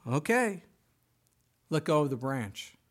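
God speaks with calm, dry humor, in an unhurried, matter-of-fact way, as a preacher voices him. The voice stays close to the man's ordinary speech. It sits a little higher than most men's. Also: exaggerated voice. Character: calm, dryly wry male voice of God.

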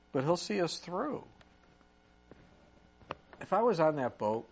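A man preaches in a relaxed, conversational way, reading scripture aloud and speaking directly to his congregation. His voice sits a little high for a man. When he acts out pleas for help, his delivery grows loud. The recording is muffled and lo-fi. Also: breathy edge. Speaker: pastor. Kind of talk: sermon.

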